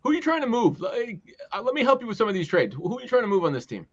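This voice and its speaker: A man's voice: high-pitched, sing-song, very fast, slightly rough, highs cut off. A man co-hosting a casual fantasy football podcast, teasing and quizzing the others. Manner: teasing, asks others questions. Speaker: podcast co-host.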